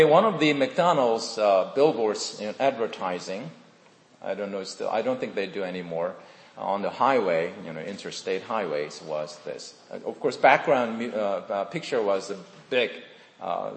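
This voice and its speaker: Korean-accented pastor in an echoey hall. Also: male voice, fairly low pitch, vocal fry. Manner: warm, self-deprecating, chatty asides. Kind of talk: sermon. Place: church sanctuary. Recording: echoey hall with long reverb.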